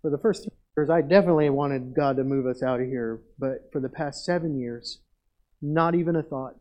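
A man's voice: mid-range voice, a little fast, darkish tone, poor audio. A middle-aged male pastor preaching a sermon in an earnest way, repeating phrases for emphasis.

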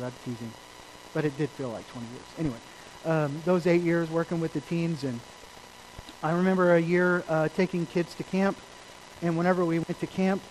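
A pastor preaching to his congregation in a high-pitched man's voice. He tells stories earnestly, pushing some lines out loud and dropping others to quiet asides. A faint noise sits under the recording. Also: rough recording. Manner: earnest storytelling, swings between loud emphasis and quiet asides. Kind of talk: sermon.

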